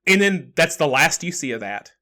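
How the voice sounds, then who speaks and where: A man co-hosting a podcast in casual chat, retelling scenes in an animated way with lots of "like" and playful asides. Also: fairly high pitch, normal speed. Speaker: podcast co-host.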